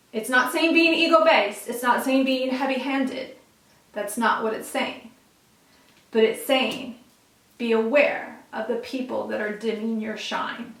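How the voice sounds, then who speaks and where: A woman's voice: on the high side, far from the mic. A woman giving a casual tarot reading to her viewers, earnest and emphatic, speaking straight to them. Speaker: tarot reader. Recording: roomy echo, a bit off-mic.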